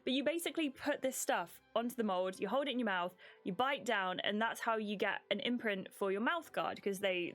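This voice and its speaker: A woman's voice: medium pitch, a bit bright. A young British woman streamer telling a story in a casual, rambling way to her live chat, with many fillers and restarts.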